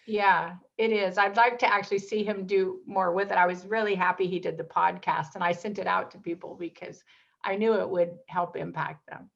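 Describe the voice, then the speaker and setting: A woman's voice: on the low side, moderate pace, vocal fry. Woman guest telling stories, lo-fi sound. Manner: animated storyteller, acts out quoted voices. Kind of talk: casual interview storytelling.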